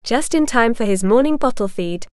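A woman reading the part of a calm, self-assured woman who answers in a matter-of-fact way. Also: a little high, moderate pace, clean tone, dry recording, studio quality, natural voice.

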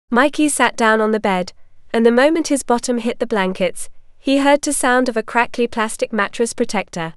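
A woman reading a story aloud in a steady, matter-of-fact scripted narration. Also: a little high, moderate pace, smooth, no echo, studio quality.

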